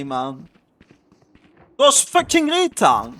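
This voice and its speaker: A male streamer talks over his live match, ranting about his teammates and swearing constantly. His pitch swings widely, from a low grumble up to outraged outbursts. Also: very animated, measured pace. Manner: angry ranting, heavy swearing; complains loudly about teammates. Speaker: streamer playing a competitive shooter. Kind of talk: live gameplay commentary.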